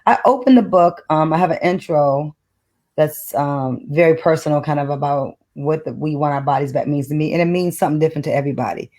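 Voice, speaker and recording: A woman's voice: low voice, a little fast, mellow. A middle-aged woman from Detroit, a poet reading her work aloud with a rhythmic, emphatic spoken-word delivery and then chatting as a book club guest over a video call. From Detroit, United States.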